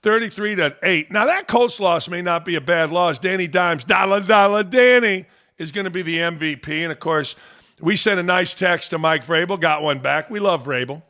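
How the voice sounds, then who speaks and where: A man's voice: high-pitched, moderate pace, pushed and bright. A man hosting a sports talk show, giving blunt, combative opinions. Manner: blunt and combative, talks back to the audience.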